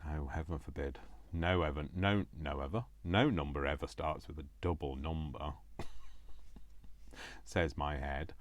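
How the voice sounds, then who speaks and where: Speaking in an extremely low, steady voice at a measured pace, a man hosts a crafting video and chats casually as he works. He rambles, pokes fun at himself, and often mutters to himself. There's no echo on the recording.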